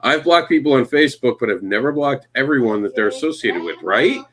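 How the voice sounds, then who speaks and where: A man's voice: medium pitch, fairly quick. A man co-hosting a casual podcast chat, joking and acting out quotes in mock voices. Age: adult father. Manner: animated, jokey, acts out quotes in mock voices. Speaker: podcast co-host.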